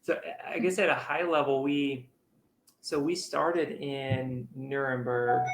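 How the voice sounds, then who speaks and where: A man from Texas, a guest in a casual interview chat over a video call, talking in a hesitant, halting way. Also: medium pitch, steady tone, reverberant, poor audio. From Texas, USA.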